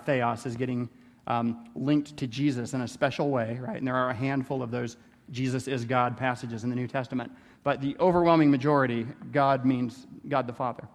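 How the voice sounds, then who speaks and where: A man's voice: mid-range voice, long reverb tail. A man giving a theology lecture in a conversational way, tossing in "right?" and playful asides. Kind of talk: classroom lecture.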